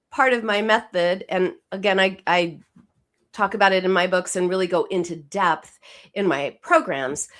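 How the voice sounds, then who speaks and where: A woman psychoanalyst explaining her method as an interview guest, emphatic and quick to repeat and restart words. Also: medium pitch, a bit bright.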